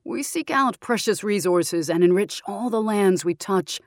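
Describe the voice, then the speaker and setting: A woman voicing a menacing middle-aged male mercenary sergeant who talks gruffly and mockingly. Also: expressive, a little slow, no room sound, clean studio sound, lightly acted. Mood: taunting. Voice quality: deep-voiced, mocking.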